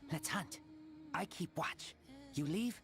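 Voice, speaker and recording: A man's voice: fairly high pitch, lively intonation, slow pace, vocal fry, heavily acted. A terse wolf-raised boy. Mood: gruff, simple. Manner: broken, terse speech. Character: young wild boy raised by wolves. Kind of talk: game character voice lines.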